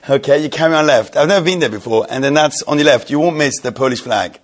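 A man's voice: fairly high pitch, brisk. A man from the London area telling a rambling, amused anecdote to friends. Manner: rambling, amused, often breaking into laughter. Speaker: storyteller. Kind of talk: casual anecdote told to friends.

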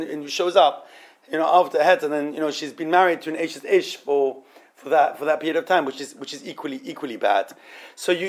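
A man teaching an informal Torah study class, halting and often repeating words as he explains. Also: a little high.

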